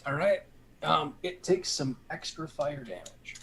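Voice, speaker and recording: A man running a tabletop game as game master, relaxed and laughing often. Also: a little high, measured pace, vocal fry, slight background noise, rough recording.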